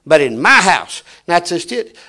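A middle-aged man preaching with a fairly high voice. He drops to a hush, then rises to a shout as he tells stories from the pulpit. The sermon is dramatic and full of anecdotes. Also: very animated, normal speed. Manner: dramatic swings from hushed to shouting, storytelling preacher.

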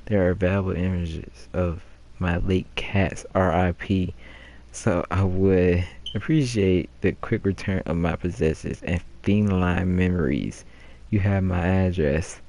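A man's voice: low-pitched, a little slow, creaky, a little mellow. A man streaming a video game, casually reading posters aloud and joking and laughing at them. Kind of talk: casual let's-play commentary.

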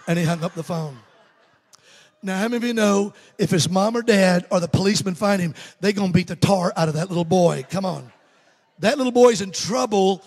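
A man's voice: high-pitched, quick pace, big-room sound. A male evangelist preaching a fervent sermon and leading prayer in a large church sanctuary. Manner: fervent preaching, leads the congregation in responses.

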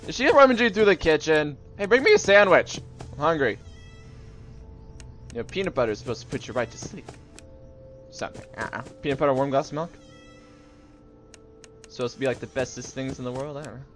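A young man giving casual, joking let's-play commentary on a game, jumpy and yelling at it when startled. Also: a little high, animated, a little fast, pauses often, soft background music. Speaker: gaming video host.

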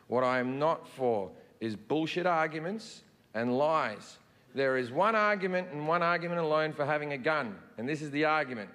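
A man in his forties with an Australian accent, doing a blunt, profane stand-up set in a deadpan way. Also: fairly high pitch, a little hiss or hum. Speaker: stand-up comedian. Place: comedy stage before an audience.

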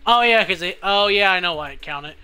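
High, bright-voiced cursing young gamer man. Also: lively intonation, brisk, smooth, soft background music. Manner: swearing, exasperated, talks to the game. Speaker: streamer. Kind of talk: live gaming stream commentary.

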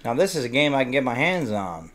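A man's voice: medium pitch, sing-song, quick pace, a bit bright. A man bantering while friends play a game, jokey and always riffing on silly bits. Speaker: co-host. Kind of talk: casual gameplay banter.

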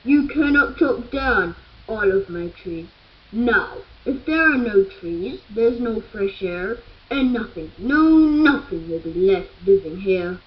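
A woman's voice: medium pitch, lively intonation, slow pace, muffled recording. A woman voicing a stern male forest guardian spirit in a storybook tale, speaking solemnly and pleading.

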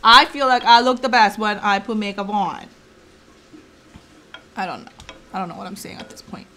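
A woman's voice: medium pitch, normal speed, pushed and bright. A mother in her thirties hosting a casual mukbang chat, chatty and teasing, laughing often. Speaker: channel host and mother.

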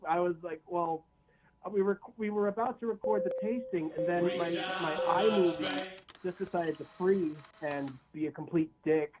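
A man's voice: sits high, moderate pace, over a noisy crowd, poor audio. A man appearing as a guest, telling a story in a casual, rambling way. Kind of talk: casual chat.

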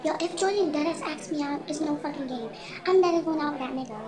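A young woman voicing a brash, excitable teenage schoolgirl who swears freely and gossips in slang. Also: high voice, fast talker, a crowd in the background, voice pushed up, close to an everyday voice. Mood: gossipy. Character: brash loud teen schoolgirl gossip friend.

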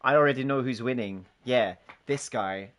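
A man's voice: medium pitch, moderate pace, a bit bright. A man casually chatting on a gaming live stream, joking, swearing and laughing often as he banters with friends and chat.

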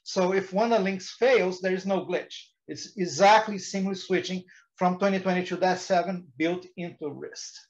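A man's voice: sits high, moderate pace, lo-fi sound. A man giving a technical presentation to engineers, often restarting words and using fillers. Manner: hesitant, frequent restarts and fillers.

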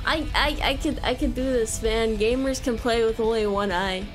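High-voiced joking woman streamer. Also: moderate pace. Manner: jokey, swears, yelps and laughs in panic. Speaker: streamer playing a video game. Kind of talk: casual gameplay commentary. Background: game music.

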